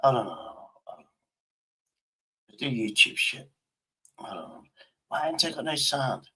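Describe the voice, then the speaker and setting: A man's voice: medium pitch, animated, measured pace, bright, forceful tone, slightly rough. A man livestreaming in casual chat, rambling to himself and swearing constantly.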